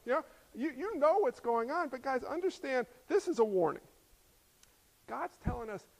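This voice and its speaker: A middle-aged man preaching a sermon, animated and acting out voices as he tells stories. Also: extremely high pitch, moderate pace. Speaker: pastor.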